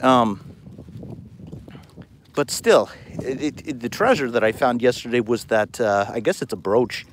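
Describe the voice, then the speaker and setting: A man with a New York accent hosting a live outdoor metal detecting vlog, talking excitably and rambling from thought to thought. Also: mid-range voice, measured pace, pauses often, slight background noise. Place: outdoors on a beach.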